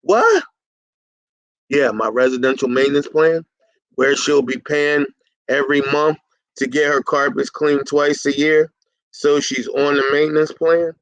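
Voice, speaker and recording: Man, middle-aged, folksy business coach, slightly high voice, dry close sound. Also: little pitch movement, normal speed, no echo, low-quality recording. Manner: folksy, plays both sides of an imagined dialogue. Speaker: carpet cleaning business consultant. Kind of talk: coaching talk to cleaners.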